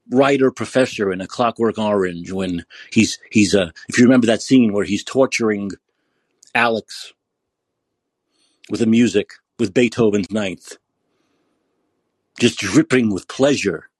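Heated, profane man ranting, husky voice. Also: mid-range voice, dry recording. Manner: heated, profane, repeats himself for emphasis. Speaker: podcast host. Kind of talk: angry political rant.

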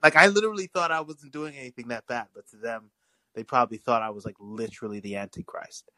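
A man's voice: mid-range voice, fast, no echo, low-quality recording. Rambling man on a dry call-in line. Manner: rambling, restarts often, animated storytelling. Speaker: caller. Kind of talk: casual call-in chat.

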